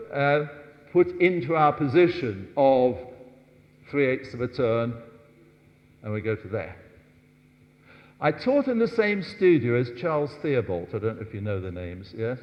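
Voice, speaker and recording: An older man teaching a ballroom dance class, coaxing the dancers, counting out steps and often asking "yes?". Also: medium pitch. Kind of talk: dance workshop lesson. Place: large dance hall. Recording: dull distant hall sound.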